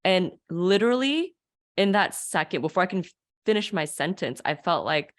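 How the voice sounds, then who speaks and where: A woman's voice: fairly low pitch, animated, moderate pace. A woman guest telling an earnest, emotional personal story of faith, with frequent restarts.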